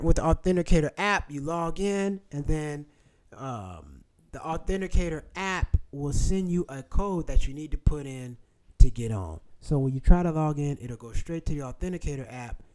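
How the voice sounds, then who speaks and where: Host, man, blunt and profane, high-pitched and animated. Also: moderate pace. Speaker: channel host. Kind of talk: casual livestream talk.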